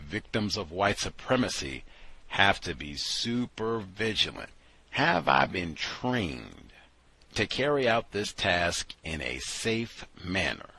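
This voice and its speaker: A man hosting a talk show and delivering sardonic, incredulous commentary, moving between low mutters and loud exclamations. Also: breathy edge, no room sound, rough recording. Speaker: show host.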